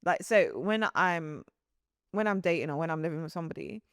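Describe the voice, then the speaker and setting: A young woman co-hosting a podcast in casual chat, animated and laughing often as her sentences tumble out. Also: deep voice, brisk, clean tone, dry recording, clean studio sound. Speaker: podcast co-host.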